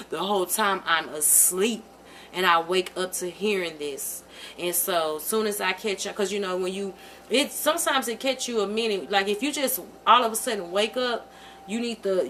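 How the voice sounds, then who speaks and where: A woman's voice: on the high side, pushed and bright, slight background noise. A young woman vlogger telling a personal storytime in a casual monologue, earnest and repeating herself as she talks straight to her viewers.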